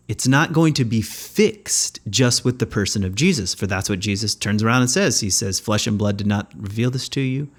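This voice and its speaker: Podcast host, male, lowish voice, thoughtful conversational spiritual teacher who pauses to find his words. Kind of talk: reflective spiritual teaching talk.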